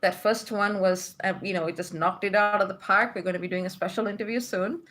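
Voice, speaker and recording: A woman's voice: mid-range voice, steady tone, fairly quick, fairly bright tone. A woman from Malaysia hosts a spiritual livestream, chatting casually with her viewers. She reads out their comments and greets each one. Her voice sits in a middle register, and she laughs easily between thoughts.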